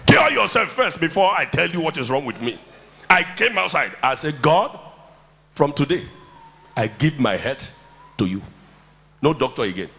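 A man's voice: medium pitch, animated, unhurried, long pauses, a bit bright, slight background noise. A man preaching a sermon in a church, telling stories and leading the congregation in call-and-response. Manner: storytelling, then rousing the congregation with call-and-response. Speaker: pastor.

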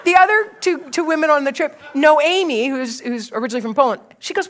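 A woman's voice: high-pitched, sing-song, moderate pace, fairly bright tone. A woman in her sixties, a pastor, telling a funny story in a sermon and acting out her own part with laughter. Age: 60s.

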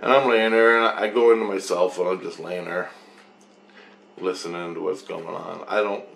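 Man, lowish voice, rambling first-person account, profane, circles back on the same phrases. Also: fairly even intonation, moderate pace, gravelly, fairly bright tone.

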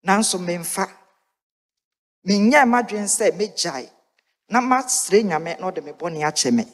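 A woman of middling pitch speaks earnestly on a church lesson panel, repeating phrases to press her point. She is from Ghana. Her voice rings with the long reverb of a church hall. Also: animated, a little slow, a bit bright. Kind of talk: panel Bible lesson discussion. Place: church sanctuary during a livestreamed service.

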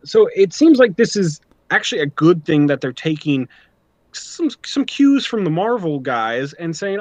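A talkative man with a fairly high voice hosts a casual podcast chat, working through his notes and giving his opinions freely. His voice sounds dull and slightly muffled. The recording is very dry. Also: very animated, moderate pace, a little mellow, no room sound. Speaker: podcast host.

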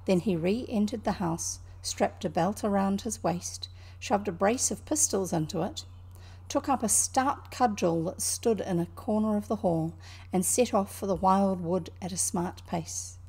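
A woman with a New Zealand accent reading a classic children's book aloud, pausing now and then to explain words to young listeners. Her voice is mellow and husky, with a gravelly edge. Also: mid-range voice. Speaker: storybook reader.

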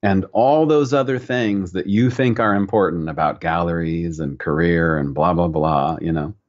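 A man from the United States, a guest painter on a podcast, talking in a relaxed, reflective way and telling stories. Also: low-pitched, normal speed, highs cut off. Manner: reflective, storytelling.

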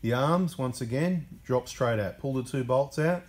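A man's voice: mid-range voice, moderate pace, darkish tone. A man working as a mechanic, explaining a repair in a plain, matter-of-fact way and repeating the key steps.

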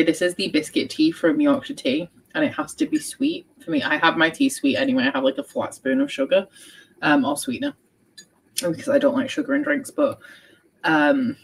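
Chatty young woman, gravelly edge. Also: deep voice, a little hiss or hum, low-quality recording. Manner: chatty and rambling, reads out viewers' updates. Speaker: book vlogger hosting a readathon livestream. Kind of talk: casual chat.

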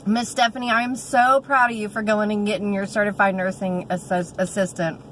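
A woman's voice: mid-range voice, level tone, brisk, a bit bright, slight background noise, rough recording. A woman, chatting casually on her vlog, with fillers and restarts. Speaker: vlogger.

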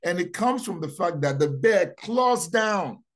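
A man preaching a sermon, repeating key phrases and asking rhetorical questions, dropping to quiet asides then rising to loud proclamations. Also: lively intonation, unhurried. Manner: dramatic, swings from low asides to loud proclamations.

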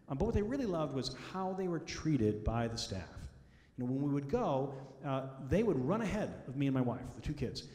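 A middle-aged author tells an audience family anecdotes in a school auditorium, acting out the quoted voices in his stories. His voice is mid-range with a darkish tone, and the echoey hall gives a long reverb.

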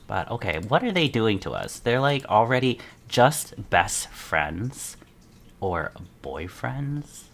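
A man reacting to a trailer as an excited fan, muttering asides and breaking into dramatic outbursts. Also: lowish voice, slow pace, creaky, slight background noise. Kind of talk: casual reaction commentary.

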